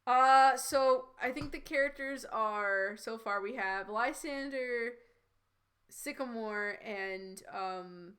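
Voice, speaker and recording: A young woman riffing on a fan fiction with a friend, giggly and sarcastic. Her voice is bright and a little high, and she rambles, restarting her sentences as she reacts. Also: slow. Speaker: podcast co-host. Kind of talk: casual comedic fanfic reading.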